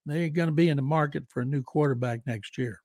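A man's voice: fairly high pitch, fairly quick, a little mellow, no room sound, studio quality. Matter-of-fact man talking football. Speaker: football writer and co-host. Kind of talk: casual sports podcast chat.

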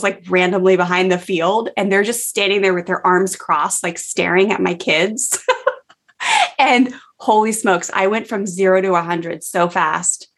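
A woman's voice: mid-range voice, fairly bright tone. Mom in her 40s rambling thru a story, chatty, says like a lot. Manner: chatty, lots of filler words. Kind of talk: casual storytelling.

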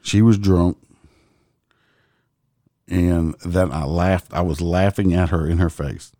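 A man's voice: low voice, steady tone, takes it slowly, mellow, no echo, clean studio sound. A man, a host telling a casual, profane story and laughing as he goes. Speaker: podcast host and police officer.

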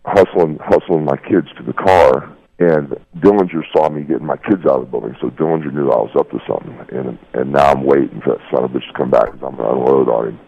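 A man's voice: extremely low pitch, fast talker, vocal fry, few pauses, husky. A man guesting on a radio show, telling a heated story in a blunt, profane way and calling the listener "brother.". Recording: dull lo-fi radio broadcast.

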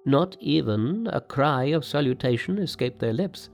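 A man's voice: mid-range voice, lively intonation, a little slow, creaky, faint music behind, pitched above the performer's own voice. A man doing pompous, indignant court officials. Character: indignant male court officials, stiff and proud.

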